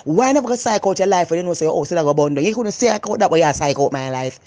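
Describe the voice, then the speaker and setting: A woman with a Jamaican accent, talking loudly and animatedly in a casual, opinionated vlog monologue. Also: on the low side, fast talker, no room sound. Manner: animated, loud and emphatic. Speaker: vlogger.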